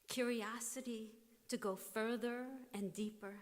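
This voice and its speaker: A woman rabbi delivers a formal blessing and tribute, her fairly high voice slow and deliberate. She lets whole phrases fall to a near hush. The long reverb of a big hall carries every word. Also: animated. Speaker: rabbi giving an installation tribute.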